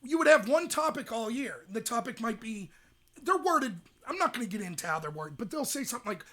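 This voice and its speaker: High-voiced fast-ranting young man. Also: sing-song, a bit bright. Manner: rapid, ranting, emphatic. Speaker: host. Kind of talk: livestream commentary.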